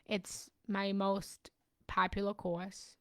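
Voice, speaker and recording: A woman's voice: medium pitch, flat delivery, takes it slowly, dry recording. A young woman coach speaking live to her followers, passionate and emotional, swearing freely and sometimes dropping to a whisper. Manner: drops into whispers for emphasis. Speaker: relationship and self-love coach. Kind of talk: live-streamed personal talk to followers.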